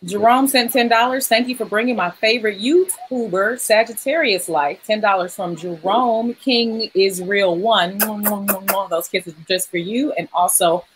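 A playful woman hosts a livestream dating game, chatty and quick to laugh. Her voice sits mid-range with a faint hiss of noise behind it. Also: medium pitch, rough recording. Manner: playful, laughs often, reads donations aloud. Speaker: host.

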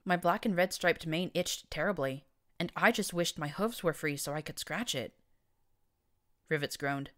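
A woman narrating fiction in first person, reading with a wry, even delivery. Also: low-pitched, normal speed. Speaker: audiobook narrator.

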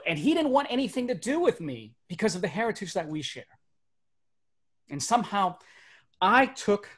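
A man, a magician and speaker in his thirties, telling comic personal stories to a virtual audience on a webcam setup, animated, and dropping to quiet for serious beats. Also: fairly high pitch. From Burbank, United States. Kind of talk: stand-up storytelling for a virtual audience.

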